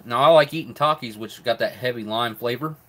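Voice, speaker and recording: A man's voice: mid-range voice, brisk. Laid-back man chatting mid-meal. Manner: relaxed, chatty, talks with his mouth full. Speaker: live stream host reviewing military rations. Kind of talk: casual live stream chat while eating.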